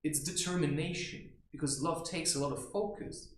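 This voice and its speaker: A man performs a rambling comic monologue as a brash, bragging macho barbarian, repeatedly tossing in "right?" His voice is a bit high and lightly acted at a normal speed, recorded indoors in a room with echo.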